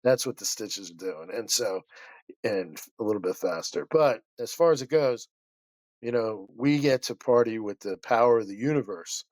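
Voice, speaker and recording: A man's voice: on the low side, animated, moderate pace, darkish tone, dry recording. Passionate rambling man, dry sound. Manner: rambling, passionate, self-interrupting. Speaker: guest chiropractor. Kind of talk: casual storytelling interview.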